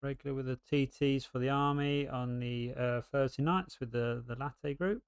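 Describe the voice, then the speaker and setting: A man's voice: mid-range voice, fairly even intonation, normal speed, clean tone, no room sound, studio quality. A British man giving casual live race commentary, rambling and full of ums and restarts.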